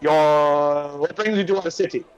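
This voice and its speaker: A man's voice: a little high, unhurried, clear, resonant tone, lo-fi sound, some chatter behind, close to an everyday voice. A man voicing a polite, formal male city gate guard in a tabletop game. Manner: courteous and apologetic.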